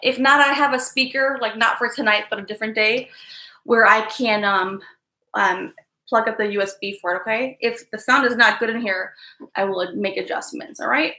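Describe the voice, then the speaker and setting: A woman's voice: fairly high pitch, steady tone, moderate pace, sharp tone, reverberant. A woman hosting a casual live stream from an upstairs room at home, chatty and apologetic, often calling her viewers "guys".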